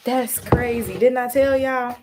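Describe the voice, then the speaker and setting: A woman reading a comic live on stream, reacting excitedly, swearing and calling out to her viewers. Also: a little high, a little slow, noisy background. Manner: excitable, exclaiming, swears freely, talks to viewers as y'all; reads comic dialogue aloud between reactions.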